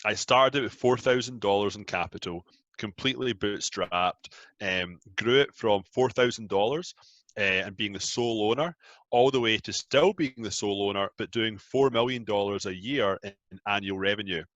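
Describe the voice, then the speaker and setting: A man in his thirties from Scotland with a Scottish accent, chatting easily as a guest in an interview, quick to laugh at himself. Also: lowish voice, a bit bright, no echo, lo-fi sound. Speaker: guest, app founder. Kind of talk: casual interview chat.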